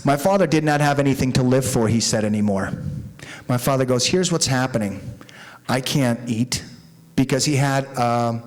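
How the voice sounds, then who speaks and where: A middle-aged man from Mexico, speaking at a recovery meeting in a profane, rambling, animated storytelling style before an audience. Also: medium pitch. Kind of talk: candid storytelling talk.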